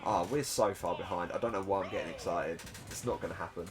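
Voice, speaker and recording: A man with a lowish voice calls a simulated fighting game tournament in a chatty, excitable way, tossing in joking asides at his own expense. Faint music plays underneath him. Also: fast. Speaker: tournament commentator. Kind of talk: casual game commentary.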